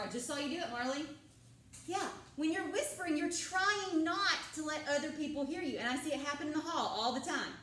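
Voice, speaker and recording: A woman's voice: sits high, fairly bright tone, slight background noise. A drama teacher leading a class, quizzing her students and repeating their answers. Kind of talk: classroom lecture with questions to students. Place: school classroom, indoors. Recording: echoey classroom picked up from a distance.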